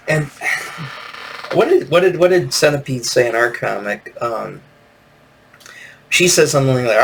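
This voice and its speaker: A man's voice: mid-range voice, moderate pace, fairly bright tone. A man hosting a solo comics review podcast, talking casually and rambling, with lots of fillers and restarts. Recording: distant from the mic with faint noise.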